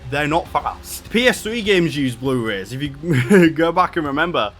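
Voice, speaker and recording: A man's voice: a little high, big pitch swings, measured pace, a bit bright, faint music behind. A man casually explaining game discs and storage in a home vlog, rambling and correcting himself as he goes. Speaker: gaming YouTuber. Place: home room with a console and desk.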